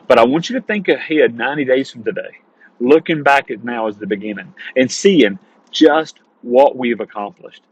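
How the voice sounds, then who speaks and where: A man teaching sales coaching in an energetic monologue, emphatic and repetitive, talking straight to his listeners. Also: mid-range voice, a little fast, slightly rough, muffled recording. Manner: emphatic, repeats phrases, addresses listeners as guys.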